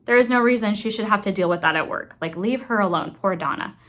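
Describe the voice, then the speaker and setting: A woman chatting casually in a book review vlog, animated and exasperated, with lots of asides and fillers. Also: medium pitch, quick pace, a little hiss or hum.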